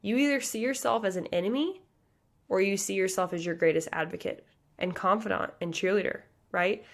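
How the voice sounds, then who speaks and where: A woman in her early thirties, from the American Midwest, talks straight to her listeners as a pageant coach on her own podcast. Her delivery is earnest and passionate, quick and full of "like" and "you guys" fillers, in a mid-pitched voice. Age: 30s. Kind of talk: motivational podcast monologue.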